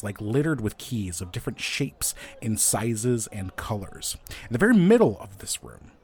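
Lively man running a tabletop game. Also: lowish voice, husky. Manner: animated, playful, with frequent fillers. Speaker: game master.

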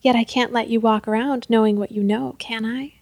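A woman's voice: fairly quick, no echo. A woman doing a cold, taunting vengeful princess. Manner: calm, taunting, low and menacing.

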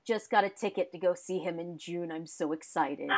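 A woman co-hosting a casual podcast, retelling a film's plot in an animated way and acting out the characters' lines. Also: fairly low pitch, normal speed. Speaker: podcast co-host. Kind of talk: casual movie recap chat.

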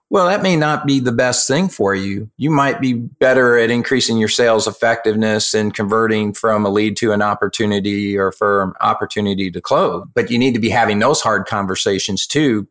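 Low-voiced measured male co-host. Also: a bit bright. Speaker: podcast co-host. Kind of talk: casual business podcast chat.

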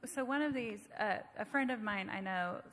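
A woman's voice: medium pitch, normal speed, fairly bright tone, long reverb tail. A woman speaking conversationally and emphatically on a church panel.

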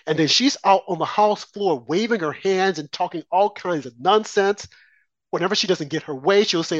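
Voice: medium pitch, normal speed, dry recording. Heated opinion guest who mocks opponents, recorded dry and a bit dull. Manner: indignant, rhetorical questions, mocking impressions. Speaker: political commentator guest. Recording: dry, slightly dull lo-fi sound.

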